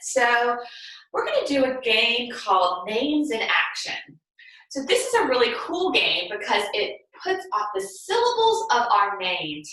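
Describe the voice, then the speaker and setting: A young woman guides kids through a yoga class in an upbeat, encouraging, sing-song voice that swoops up and down. She sits a bit above the usual pitch. Her voice rings around a very echoey room and sounds a little off-mic. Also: sharp tone, recorded from a distance. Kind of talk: guiding a children's movement lesson. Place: room at home.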